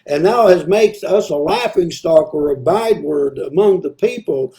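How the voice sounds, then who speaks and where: A man gives a midweek Bible devotional, reading verses and then talking them through. His voice sits high for a man but has a soft, mellow tone. He pauses often, stumbles and repeats words as he thinks aloud. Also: animated, vocal fry. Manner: conversational, reads scripture aloud then explains it; frequent hesitations and repeated words. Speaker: preacher.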